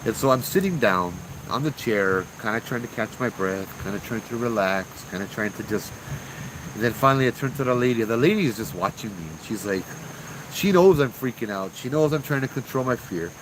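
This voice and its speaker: A man tells a ghost story from his own life in loose, slangy talk. He is lively and acts out the people in the story. His voice sits at an ordinary pitch, with faint crickets chirping behind him. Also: fairly quick, background noise. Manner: animated and slangy, acting out what people said. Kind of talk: casual spoken ghost story.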